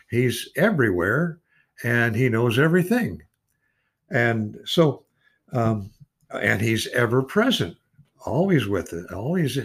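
A man in his eighties teaching an informal Bible study, earnest and rambling, stretching out key words of Scripture for emphasis. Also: medium pitch. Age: 80s. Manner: rambling with restarts and repeated words.

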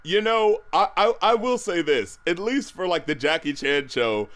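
A man's voice: high voice, lively intonation, moderate pace, a bit bright. A man hosting a podcast in casual chat, often laughing and acting out quotes. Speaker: podcast host.

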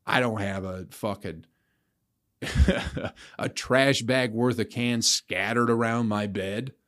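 A man's voice: mid-range voice, steady tone, takes it slowly, fairly bright tone. A man hosting a solo podcast, ranting in a profane, rambling and sardonic way. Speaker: podcast host.

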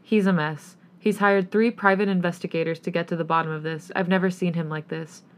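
A woman's voice: fairly low pitch, steady tone, a little fast, close to an everyday voice. A woman voicing a protective, loyal young man who is an attorney and friend, speaking bluntly and reassuringly.

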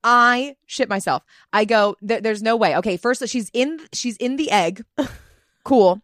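A woman's voice: a little high, unhurried, a bit bright, no room sound, studio quality. A young woman co-hosting a podcast in casual chat, dramatic and exclamatory as she recaps scenes. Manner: dramatic, exclamatory, quotes characters. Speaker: podcast co-host.

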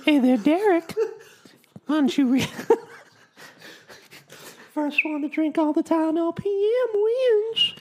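A man doing an impression of a creepy, leering old cartoon man, with a quavering, drawn-out delivery. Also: extremely high pitch, slight background noise, pitched above the performer's own voice.

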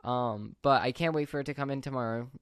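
A man's voice: medium pitch, fast talker, clean tone, dry recording, studio quality. A young man vlogging, telling a rambling story in casual chat and often correcting himself. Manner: rambling, excitable, self-correcting.

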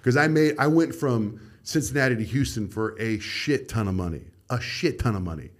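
A man's voice: medium pitch, fairly quick. A middle-aged man, a radio host, telling stories of his career in a casual podcast chat and acting out the people he quotes.

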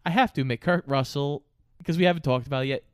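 A man's voice: on the high side, very fast, no echo. Easygoing man explaining a plot. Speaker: podcast co-host. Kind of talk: casual movie review chat.

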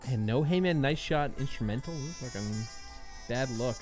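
A man's voice: mid-range voice, normal speed, a little mellow. A man in casual chat, laid-back and profane, with faint music behind.

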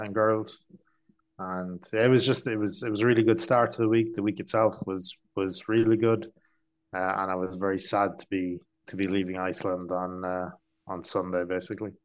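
Easygoing Irish man with a low voice. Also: smooth. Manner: easygoing, hesitant with fillers. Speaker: guest. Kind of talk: casual chat.

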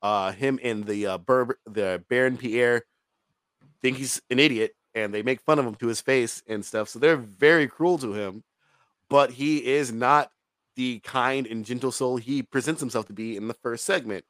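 A man's voice: mid-range voice, moderate pace, fairly bright tone, no room sound. Profane, rambling male podcast co-host. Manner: rambling, profane, laughs often. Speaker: podcast co-host reviewing a film. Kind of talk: casual podcast chat.

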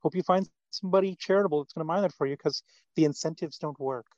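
A man's voice: on the high side, fast talker, a little mellow, no room sound. A man as a podcast guest, blunt and dismissive in casual chat. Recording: dull lo-fi sound.

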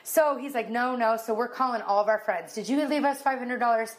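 Fairly high-pitched and slightly fast, this thirty-something podcast co-host recounts a story in relaxed conversation. She plays out the dialogue loudly and with animation, growing emotional to the point of nearly crying.

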